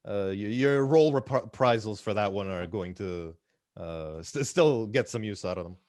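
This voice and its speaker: A man's voice: fairly low pitch, moderate pace, a little mellow, no echo, clean studio sound. A man hosting a podcast, asking long, winding questions in a casual interview. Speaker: podcast host.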